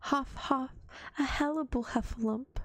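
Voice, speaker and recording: Piglet: a woman doing a squeaky, panicky little pig. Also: unhurried, a little hiss or hum. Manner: stammering, breathless squeaks. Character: small timid male piglet, anxious and panicky. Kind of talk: whispered role-play.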